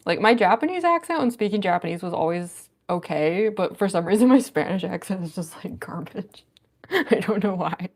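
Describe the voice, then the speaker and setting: A woman's voice: medium pitch, lively intonation, moderate pace, darkish tone. A woman chatting casually on a livestream, reading viewer comments aloud and giggling often. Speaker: cosplayer livestreamer.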